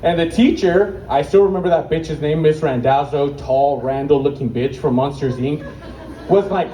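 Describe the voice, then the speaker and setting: A man's voice: on the high side, moderate pace, warm tone. Brash, profane young man doing stand-up. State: out of breath. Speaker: stand-up comedian at open mic. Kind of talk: stand-up storytelling. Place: open mic stage at an outdoor market. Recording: distant echoey outdoor market recording with faint noise.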